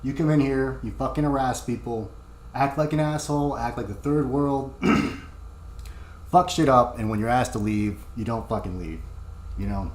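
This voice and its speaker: A man's voice: mid-range voice, a little mellow, slight background noise. A man livestreaming, talking casually in a heated, profane ramble full of fillers, into a desk microphone.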